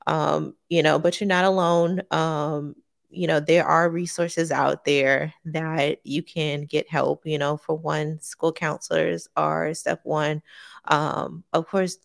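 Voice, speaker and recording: A woman with a low, gravelly voice talks through parenting advice in a relaxed podcast chat. She is earnest and often stops to restart her sentences. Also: slow pace. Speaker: podcast co-host. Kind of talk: casual parenting talk.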